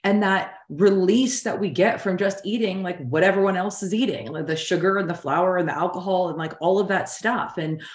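A woman's voice: fairly low pitch, fairly quick, hardly any pauses, echoey room. A woman coach in her thirties telling a personal story in a casual, emotionally open way with lots of fillers. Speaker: hypnotherapy coach.

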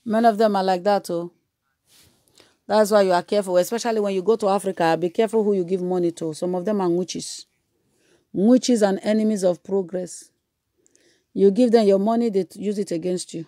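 A woman evangelist, preaching a sermon with emphatic repetition and moving into loud prayer and speaking in tongues. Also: mid-range voice, fairly even intonation, fairly quick, dry recording, clean studio sound.

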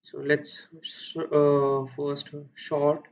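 A man with an Indian accent talks slowly through a coding solution, pausing on fillers and correcting himself as he goes. His voice sits a little high for a man. The recording sounds dull and lo-fi. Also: fairly even intonation. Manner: thinking aloud with frequent fillers and self-corrections. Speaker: coding tutor. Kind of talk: screen-recorded coding walkthrough.

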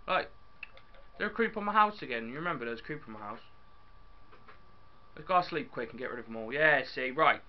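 A young man chatting casually as he plays a building game, excitable and talking to his viewers and his in-game dog. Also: medium pitch, normal speed, pauses often, dull audio. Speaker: gaming YouTuber.

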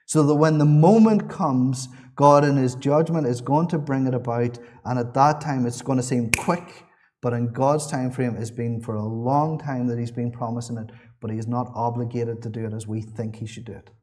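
Man preaching, mellow low voice. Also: steady tone, moderate pace. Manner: earnest, repeats key phrases, small restarts. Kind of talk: sermon. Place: church.

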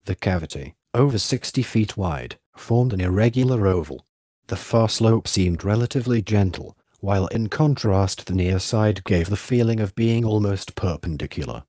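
A man narrating a literary novel as an audiobook in a measured, even way. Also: lowish voice, no room sound, clean studio sound.

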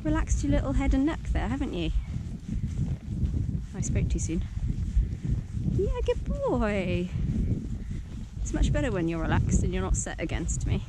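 A woman's voice: mid-range voice, very animated, a little slow, long pauses. A woman riding in an outdoor arena and talking to her horse, praising and coaxing it with frequent laughs, recorded on a helmet camera. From Britain. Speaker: horse rider filming her ride. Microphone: helmet-mounted action camera. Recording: noisy outdoor recording, hoof sounds.

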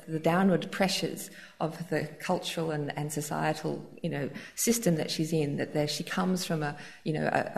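A lowish, gravelly woman's voice leading an onstage conversation with an author. She talks effusively and circles back on herself with restarts and fillers. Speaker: interviewer at a live author event.

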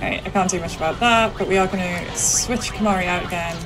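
A woman's voice: fairly low pitch, fast talker, low-quality recording. A woman who is sick, chatting through her live speedrun with a loose, laughing manner and lots of ums. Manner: chatty, laughs often, thinks aloud with many ums. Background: game music.

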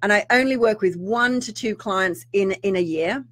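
A middle-aged woman, a spiritual teacher talking to viewers in an animated, ranting way with mock-outraged asides. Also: medium pitch, normal speed. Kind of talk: live-streamed rant to viewers.

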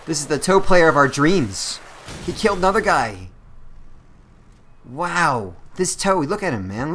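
Man, gameplay commentary, excitable, lively pitch, slow easy pace. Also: slight background noise. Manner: excitable, exclaiming and laughing at the action.

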